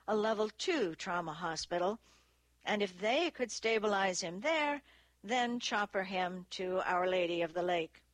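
A woman reading a novel aloud as narrator, in a measured, steady delivery. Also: medium pitch, dry recording. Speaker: audiobook narrator. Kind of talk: scripted narration.

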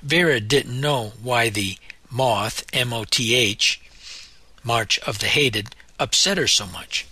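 Bright, husky male audiobook narrator. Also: medium pitch, slow pace, dry recording. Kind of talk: scripted narration.

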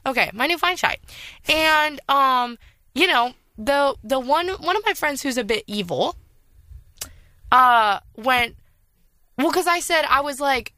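Young woman, radio host, bright voice, rather high, dry close sound, chatty and animated. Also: a little slow, pauses often, dry recording. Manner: chatty, animated storytelling with many restarts. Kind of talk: casual chat. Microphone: studio microphone.

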